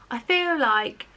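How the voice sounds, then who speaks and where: A young Englishwoman chatting straight to camera in a vlog, laughing through her story. Her voice sits a little high and comes across bright and lively. She talks in quick, breathless bursts. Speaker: vlogger.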